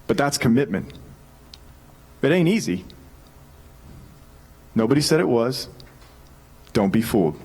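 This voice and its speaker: A man, preaching a sermon in a casual, animated storytelling way and acting out what people said. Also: mid-range voice, a little slow, long pauses, breathy edge, low-quality recording. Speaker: pastor.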